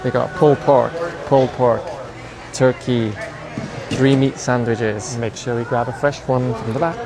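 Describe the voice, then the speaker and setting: A man's voice: mid-range voice, steady tone, a little slow. A man from Britain vlogging casually, describing what he films, impressed. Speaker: traveller vlogger. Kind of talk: casual vlog to camera.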